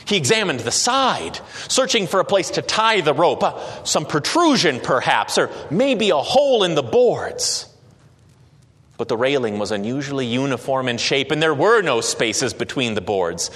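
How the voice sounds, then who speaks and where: A man narrating a story slowly and dramatically, with occasional hesitations. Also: mid-range voice, sing-song, fairly bright tone. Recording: long reverb.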